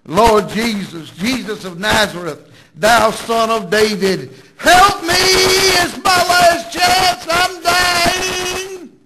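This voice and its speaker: A preacher acting out a desperate blind beggar. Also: male voice, sits high, slow pace, background noise. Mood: desperate pleading. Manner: shouting, pleading.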